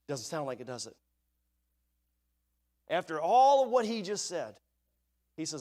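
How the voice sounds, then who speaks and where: A man's voice: fairly high pitch, lively intonation, brisk, pauses often. A man preaching a sermon in a church, asking the congregation rhetorical questions and reading scripture aloud. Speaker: pastor. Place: church sanctuary.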